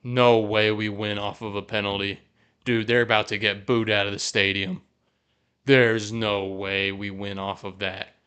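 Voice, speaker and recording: A male fan podcast host giving live reaction to a football game into a podcast mic, excitable, swearing, cheering and groaning at each play. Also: fairly low pitch, measured pace, clear, resonant tone.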